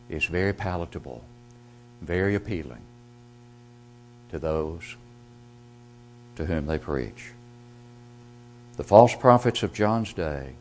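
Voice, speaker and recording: A man preaching a sermon. He reads scripture aloud and explains it, moving from quiet, low passages to loud, emphatic rises. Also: slight background noise.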